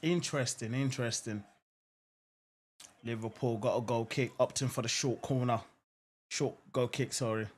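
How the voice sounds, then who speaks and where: A young man hosting a live football watchalong, commentating on play and chatting casually with viewers, with lots of fillers and sudden excited outbursts. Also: medium pitch, normal speed, pauses often. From England. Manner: casual, repeats phrases, lots of "um" and "I'm not gonna lie"; jumps to excited exclamations at near-misses. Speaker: live match watchalong host.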